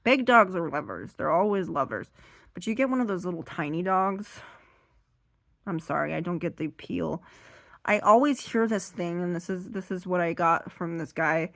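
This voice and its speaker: Woman comedian, seated stand-up, rambling, animated, low-ish voice, dry close sound. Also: moderate pace, creaky, no room sound.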